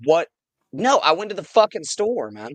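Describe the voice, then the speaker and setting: A man's voice: fairly high pitch, big pitch swings, normal speed, fairly bright tone, no echo. A man chatting casually and laid-back on a podcast, swearing often. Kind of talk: casual chat.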